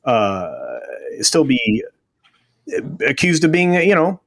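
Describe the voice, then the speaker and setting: A man panelist giving frustrated, halting criticism in a casual online roundtable. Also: fairly high pitch, animated, a bit bright, no echo, clean studio sound.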